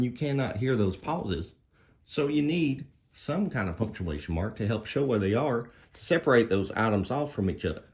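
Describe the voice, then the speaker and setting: A man's voice: mid-range voice, close to an everyday voice. A man voicing a folksy male dog grammar professor, giving an easygoing puppet-show lesson. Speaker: teacher.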